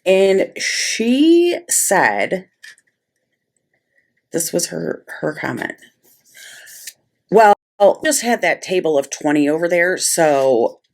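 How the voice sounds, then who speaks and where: A middle-aged woman casually telling a story while she plans, chatty and exasperated. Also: fairly low pitch. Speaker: planner vlogger.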